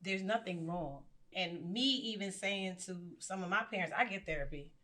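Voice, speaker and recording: A woman with a bright, forceful tone speaks as a teacher on a live panel. She tells personal stories earnestly and brings in lively quoted remarks. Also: medium pitch, normal speed. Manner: earnest, storytelling, animated quotes.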